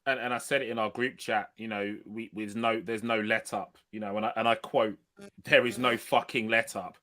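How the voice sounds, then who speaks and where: A man with a bright, forceful voice, co-hosting a football podcast. He talks with blunt passion and swears freely. The chat is loose and conversational. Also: lowish voice, level tone, a little fast. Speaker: podcast co-host.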